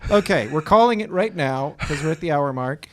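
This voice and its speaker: A man's voice: a little high, lively intonation, moderate pace. A man co-hosting a casual comedic podcast, telling a story in a wry, self-deprecating way. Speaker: podcast co-host.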